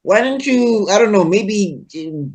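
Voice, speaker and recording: A man's voice: high voice, animated, unhurried, slightly rough. A man, co-hosting a podcast, ranting with annoyed disbelief in casual chat. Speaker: podcast co-host.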